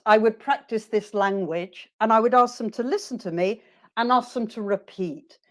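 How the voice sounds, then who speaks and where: A woman teacher trainer leading a webinar, encouraging her listeners and modelling phrases slowly for them to repeat. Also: a little high.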